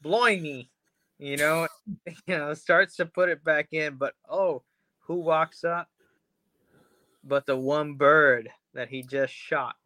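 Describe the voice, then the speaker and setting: A man's voice: on the high side, fairly even intonation, takes it slowly, bright, forceful tone, no echo. A man co-hosting a casual podcast, retelling a horror episode in a rambling, crude way. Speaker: podcast co-host.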